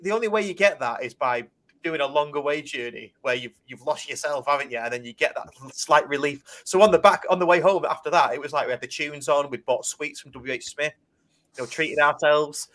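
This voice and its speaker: A man, hosting a fan podcast in casual chat and telling stories in an animated way. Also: a little high, fairly quick. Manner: chatty, animated storyteller with restarts. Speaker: podcast host.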